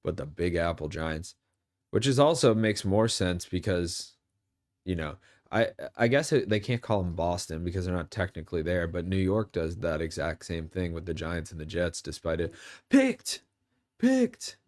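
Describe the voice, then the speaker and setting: A man's voice: low voice, moderate pace. Casual young man rambling about football. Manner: rambling, jokey, bursts into excited yells at big plays. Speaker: streamer watching football. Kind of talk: casual live-stream commentary.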